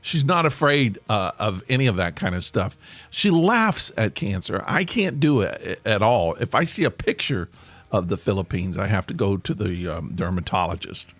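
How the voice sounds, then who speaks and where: A man's voice: on the low side, animated, normal speed, a bit bright, no echo, soft background music. A man in his sixties hosting a podcast, rambling through a casual monologue with self-mocking jokes. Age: 60s. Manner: self-mocking, jokey, meandering. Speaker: podcast host.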